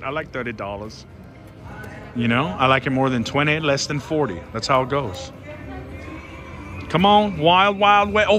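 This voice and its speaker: A man giving excited running commentary on a slot machine as he plays, talking to his viewers and pleading with the machine, on a casino floor. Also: fairly high pitch. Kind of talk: casual live commentary while gambling. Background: casino music.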